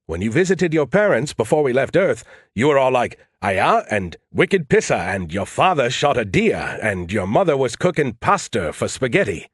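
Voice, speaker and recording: A man's voice: medium pitch, expressive, brisk, few pauses, dry recording, clean studio sound, pitched above the performer's own voice, natural voice. A man voicing a smug, sarcastic male AI who talks down to people and teases them. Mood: teasing. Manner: condescending, teasing.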